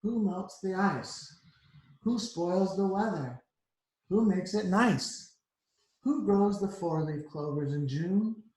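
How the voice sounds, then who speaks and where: A gentle, dreamy field mouse poet recites his verses in a slow, sing-song lilt, voiced by a man reading a storybook aloud. The voice sits a little high, and a roomy echo hangs around it. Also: animated. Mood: reciting.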